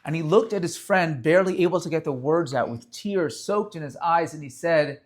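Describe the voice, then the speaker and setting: A man speaking as a rabbi, giving a heartfelt, story-driven talk at a service before a live gathering. His voice sits somewhat high for a man, and he tells each story with earnest feeling. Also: normal speed, hardly any pauses. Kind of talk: inspirational talk at a prayer service. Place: room with a live audience.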